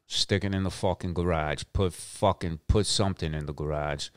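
This middle-aged podcast host has a rumbling low voice and talks fairly quickly with hardly any pauses. His monologue is brash and swaggering, packed with cursing and repeated lines for emphasis, captured in clean studio sound without room echo.

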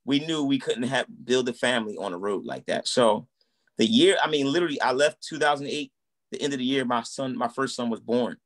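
A man's voice: mid-range voice, fairly quick. A man in his thirties telling his story in a casual interview, acting out quoted dialogue. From United States. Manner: animated, acts out quoted dialogue. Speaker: guest, musician and minister.

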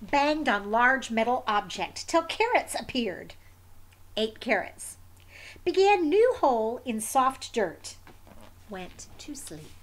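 A woman's voice: on the high side, slow pace. Woman reading as a stubborn, sleepy wombat. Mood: deadpan. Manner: terse diary entries, deadpan. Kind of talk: picture book read aloud.

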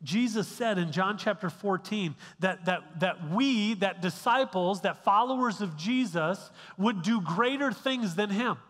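A man with a high, bright voice preaches a sermon in a church sanctuary. He talks conversationally, stumbling over restarts and tossing in quick checks with the room. The sound carries a long reverb from the hall. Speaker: pastor.

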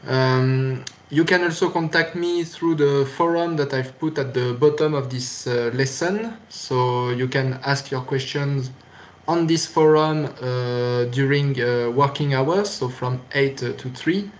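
A man's voice: mid-range voice, a little slow, highs cut off. A man with a French accent, a native French speaker, giving a recorded university lecture in a hesitant, patient way with many fillers and restarts.

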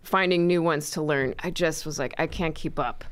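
A woman comedian chatting as a podcast guest, soft-spoken and halting, often trailing off. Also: deep voice, smooth. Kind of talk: casual chat.

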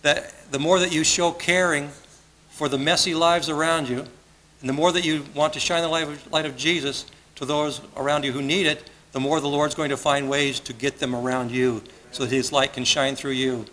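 A male pastor delivers a sermon in an earnest, conversational way, repeating phrases as he builds a point. His voice is bright and forceful. Faint room ambience sits behind him in the church. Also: fairly high pitch, fairly even intonation, moderate pace, a little hiss or hum, low-quality recording. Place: church sanctuary.

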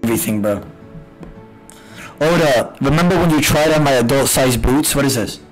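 A man streaming games live, chatting casually with profane trash talk and bursts of shouting. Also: medium pitch, normal speed, poor audio. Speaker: game streamer. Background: music.

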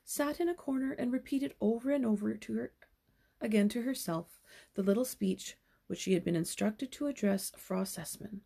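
A woman's voice: a little high, normal speed, vocal fry, dark tone, breathy edge. A young woman reading a children's novel aloud as a storyteller, with casual asides between passages.

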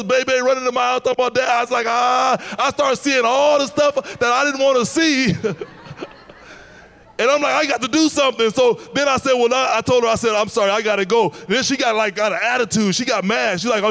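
A male American pastor preaching a sermon, telling a personal story with laughs and shouted emphasis. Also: very high-pitched, a little fast, gravelly. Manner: animated testimony, laughing, rising to shouts.

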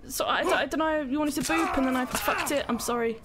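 A woman giving excitable, sweary, self-mocking commentary on her own gameplay as a streamer. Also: sits high, a little fast, hardly any pauses, noisy background. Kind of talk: live gaming commentary.

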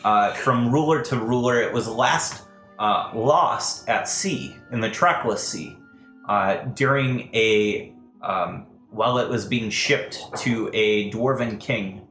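Brief: unhurried male game master, hesitant delivery, echoey room, faint music behind. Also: on the low side, fairly bright tone. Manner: halting, many fillers and restarts. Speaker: dungeon master. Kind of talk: narrating a tabletop game.

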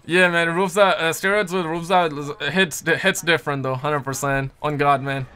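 Bright, slangy young gaming streamer. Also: male voice, a little high, flat delivery, moderate pace, clear, resonant tone. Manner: loose, jokey, slangy, lots of "man" and "dude". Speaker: livestream host. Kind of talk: casual livestream chat reading viewer messages. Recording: faint music behind.

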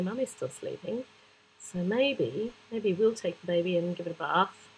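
A woman's voice: mid-range voice, moderate pace, slight background noise, rough recording. Chatty woman narrating a kids' app. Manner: chatty, talking to toy figures, sudden excited squeals, sound-effect words. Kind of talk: playful playthrough narration for children.

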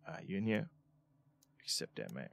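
A man streams a game while playing a Louisiana bayou character, bantering casually in a put-on Cajun drawl and often exclaiming "Oh, Lord." His voice is low, gravelly and fairly quick, with wildly swooping pitch. A little hiss or hum is audible, and his chatter is drawling and folksy.

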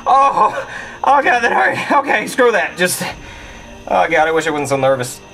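A man's voice: a little high, normal speed, vocal fry, loud music behind the voice. A man voicing a nervous, clumsy police officer who stammers and panics. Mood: panicky.

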